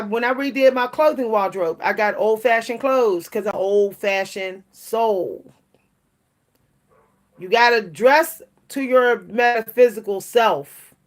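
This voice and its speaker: An older woman with a voice pitched a little high talks straight to her viewers in loose, friendly chat. She laughs often and restarts her sentences as she goes. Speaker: vlogger and writer. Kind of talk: casual chat to camera.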